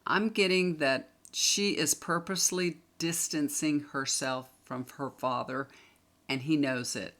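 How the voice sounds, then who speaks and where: A woman's voice: sits low, fairly even intonation, measured pace, a bit bright. A woman tarot reader talking casually to a camera, chatty and emphatic, repeating points for stress.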